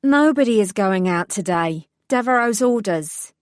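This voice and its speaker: A woman voicing a gruff, weathered woman who curtly turns away a pestering man. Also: mid-range voice, animated, measured pace, no room sound, clean studio sound, lightly acted. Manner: tired, curt, dismissive. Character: gruff weathered woman guarding a gang boss.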